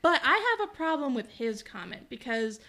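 Woman co-host, fairly high voice with a gravelly fry, opinionated and analytical. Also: sing-song, moderate pace, pushed and bright. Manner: opinionated, analytical commentary on characters. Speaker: podcast co-host. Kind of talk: casual chat.

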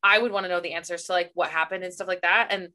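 A woman co-hosting a casual book chat, rambling and expressive, quick to laugh. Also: lowish voice. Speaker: podcast co-host.

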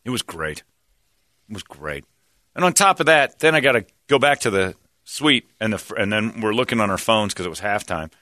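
Bright-voiced man telling a story. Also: on the low side, fairly quick, no room sound, clean studio sound. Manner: animated, acts out quotes of others. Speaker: talk show host. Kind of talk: casual storytelling chat.

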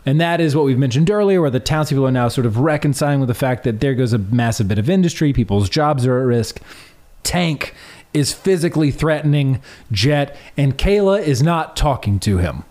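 A man co-hosting a casual movie podcast, recapping the plot with quick interjections. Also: mid-range voice, animated, darkish tone. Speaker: podcast co-host.

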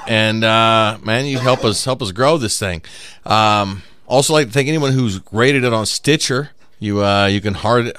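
A man's voice: on the low side, clear, resonant tone, no echo. A man co-hosting a casual podcast, retelling a story with lots of laughter and acted-out quotes. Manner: animated storyteller who laughs often and acts out quoted voices. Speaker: podcast co-host.

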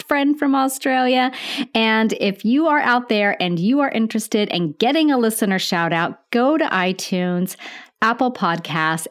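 A woman nurse hosting a podcast, speaking slowly and calmly as she explains things. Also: mid-range voice. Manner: slow and calm. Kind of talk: calm educational podcast talk.

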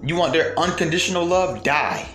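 A man's voice: on the high side, normal speed, a bit bright. A man delivering a heated, profane monologue to his viewers, firing off rhetorical questions. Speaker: commentator. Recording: roomy echo, faint music behind.

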